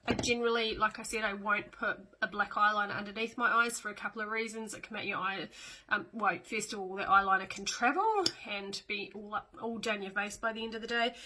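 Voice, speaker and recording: A woman's voice: medium pitch, fairly quick, bright, forceful tone, low-quality recording. A middle-aged woman, chatting casually through a step-by-step makeup demo with fillers and small asides. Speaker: makeup tutorial host.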